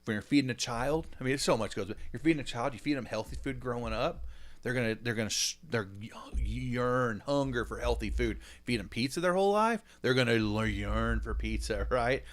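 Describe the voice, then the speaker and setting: A man, a pastor hosting a podcast, talking in animated, rambling casual chat with frequent laughs and fillers. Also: medium pitch, fairly quick.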